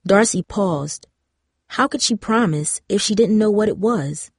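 Woman reading a story, steady, mid voice, dry close audio. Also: medium pitch, unhurried, slightly rough, no echo. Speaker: audiobook narrator. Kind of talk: scripted narration.

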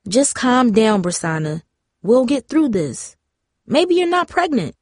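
A loyal teenage girl in a storybook, voiced by a woman reader, earnest and soothing with her friend. The voice sits a little higher than the narration and sounds dry and close. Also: big pitch swings, measured pace, a little mellow, no echo. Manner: earnest, comforting.

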